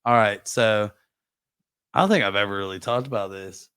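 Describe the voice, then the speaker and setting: A man's voice: lowish voice, normal speed, a bit bright, clear, resonant tone, dry recording. A man hosting a casual podcast chat, scattered and searching for names with lots of filler.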